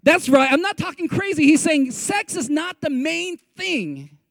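High-voiced man preaching a lively sermon. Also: measured pace, dry recording. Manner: lively, conversational, prompts the audience to repeat phrases; joking asides to the audience. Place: meeting room with a live audience.

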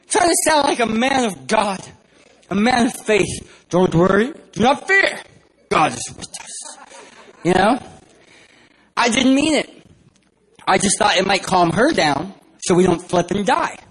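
A man's voice: sits high, breathy edge, low-quality recording. A man from San Diego, California, giving a humorous sermon as a guest preacher and telling self-deprecating stories about himself. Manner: self-deprecating, joking storyteller. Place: church.

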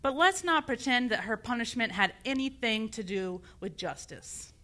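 A woman's voice: a little high, lively intonation, normal speed, pushed and bright. A woman preaching an impassioned sermon, building to fervent outrage. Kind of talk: passionate sermon.

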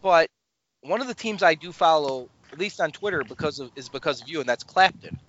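On his podcast, a man chats casually, rambling, poking fun at himself and restarting his sentences often. His voice is a little high and fairly bright, with lively intonation and a fairly quick pace. The lo-fi audio sounds slightly dull.

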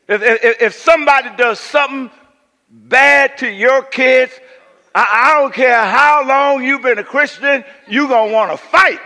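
High, bright-voiced preaching man. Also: measured pace. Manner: emphatic preaching with call-and-response, stammering restarts. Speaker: pastor. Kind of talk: sermon. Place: church sanctuary. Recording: long church hall reverb.

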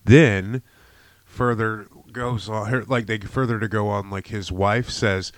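A man co-hosting a casual podcast, high on cannabis, swearing a lot and getting loud and shrill when outraged. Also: fairly even intonation, unhurried, no room sound. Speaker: podcast co-host.

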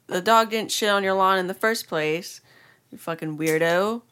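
A woman's voice: mid-range voice, moderate pace, fairly bright tone, clean tone. Woman chatting, blunt and fed up, swears. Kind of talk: casual chat.

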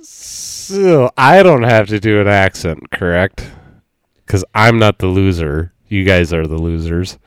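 A man's voice: low voice, animated, slow pace, clear, resonant tone, no room sound. A man co-hosting a beer podcast, teasing his friends and laughing often. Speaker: podcast co-host. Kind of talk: casual chat.

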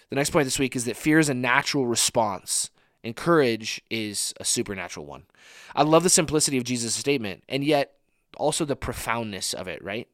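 A man's voice: mid-range voice, expressive, a little fast, fairly bright tone, no room sound, studio quality. A man preaching a conversational sermon, earnest and informal, often restarting his phrases.

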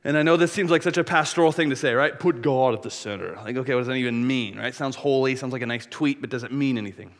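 A man in his thirties, a pastor preaching a sermon in a church, telling a personal story in a candid, animated way with confessional asides. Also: mid-range voice, fast talker, few pauses. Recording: long reverb of a large church hall.

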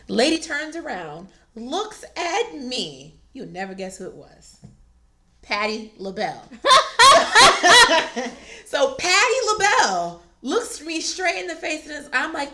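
A woman podcast co-host telling a story in casual chat, animated and laughing as she acts out what people said. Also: sits high, slow.

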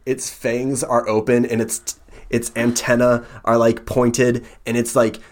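Man, game master, casual storytelling, mid pitch, lots of fillers. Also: little pitch movement, measured pace. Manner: filler-heavy, descriptive storytelling. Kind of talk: narrating a tabletop role-play.

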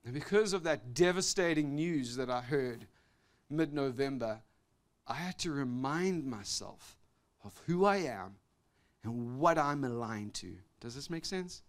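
A man preaching a sermon as pastor, animated, swinging between loud exclamations and soft confiding tones, often laughing between phrases. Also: medium pitch, a little slow.

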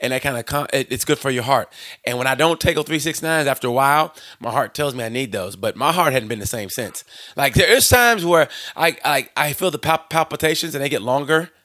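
Fast, bright-voiced man telling stories. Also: mid-range voice, no echo. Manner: rambling, repeats and restarts words, animated storyteller. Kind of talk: casual storytelling chat.

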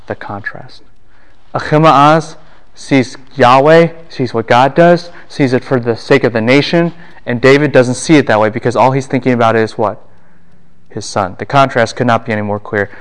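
A man's voice: normal speed, clean tone. A man giving a university lecture on a Bible passage, firing questions at his class and answering them himself, and acting out the lines he quotes. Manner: acts out the quoted lines with big jumps in pitch and volume.

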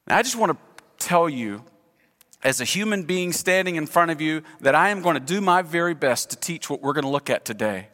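A middle-aged male pastor preaching in a large church sanctuary, his voice sitting notably high and ringing bright. He moves between hushed prayer and animated, expressive storytelling. The sound carries a long hall reverb. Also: a little fast. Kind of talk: sermon.

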